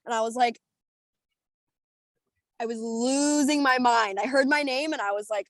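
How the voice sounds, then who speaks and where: A bubbly young woman from the United States chats on a video call in a high-ish voice, rambling through stories with plenty of "um" and "like." The sound is dry and close, with no room around it. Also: moderate pace, no echo. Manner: bubbly, animated, rambling with many fillers and laughs. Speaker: singer being interviewed. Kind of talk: casual storytelling over a video call.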